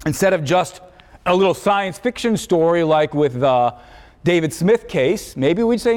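A man with a slightly high, a little mellow voice talks slowly through a university philosophy lecture. He's conversational and reflective, working ideas out aloud and revising them as he speaks. The recording carries a long lecture-hall reverb.

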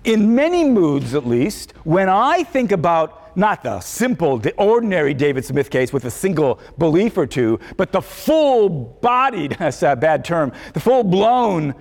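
A man's voice: fairly high pitch, very animated, unhurried, few pauses, darkish tone. A man giving a conversational university philosophy lecture, thinking aloud and correcting himself as he goes. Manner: thoughtful, conversational, self-correcting. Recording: long lecture-hall reverb.

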